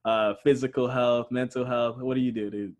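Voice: medium pitch, fairly even intonation, normal speed, darkish tone. A podcast host summing up the guest's points and asking follow-up questions in a supportive, easygoing way. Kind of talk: casual podcast interview.

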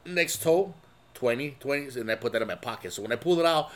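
Casual man co-host, lively pitch, profane storyteller. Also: quick pace. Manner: swears a lot, animated storyteller acting out quotes. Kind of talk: casual chat.

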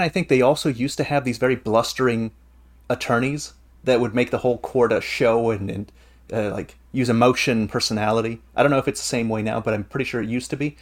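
A man hosting a casual podcast chat, explaining things at length in an eager, rambling way. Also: medium pitch. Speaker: podcast host.

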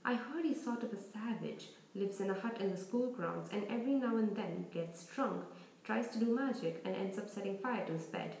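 A woman's voice: medium pitch, moderate pace, creaky, a little mellow, roomy sound, far from the mic, lightly acted, low-quality recording. A woman reading aloud and voicing a snobbish boy wizard who drawls and sneers. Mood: sneering.

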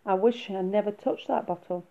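A woman's voice: medium pitch, normal speed, warm tone, lightly acted. Woman playing a tearful young elf girl. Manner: pleading, despairing. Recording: phone-like narrow sound.

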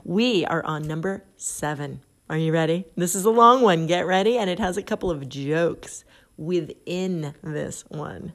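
A woman's voice: on the low side, measured pace. A middle-aged woman hosting a podcast, chatting casually and reading an article aloud, often laughing at what she reads. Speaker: podcast host. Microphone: phone app.

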